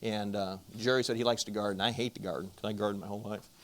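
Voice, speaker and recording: A middle-aged man telling a personal story to an audience, animated and acting out the voices of the people in it. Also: fairly low pitch, quick pace. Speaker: marriage conference speaker.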